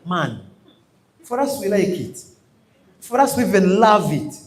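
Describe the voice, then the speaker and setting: A Ugandan man gives a motivational business training to a live audience. His voice sits high and swings widely as he hammers points home. He repeats himself and fires questions for the crowd to answer. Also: big pitch swings, unhurried. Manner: emphatic, repetitive, calls out questions for the audience to answer.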